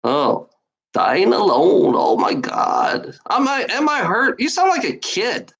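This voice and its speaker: A woman's voice: mid-range voice, big pitch swings, takes it slowly, slightly rough, rough recording. A woman streamer ranting at online trolls in a casual, profane, rambling way, full of sarcasm and repeats. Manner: mocking laughs. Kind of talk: casual rant to a live audience.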